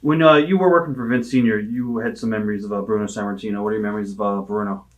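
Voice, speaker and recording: A man's voice: lowish voice, steady tone, rapid-fire. A male interviewer asking short prompting questions about old wrestlers and reacting briefly to the answers. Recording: off-mic, distant from the microphone.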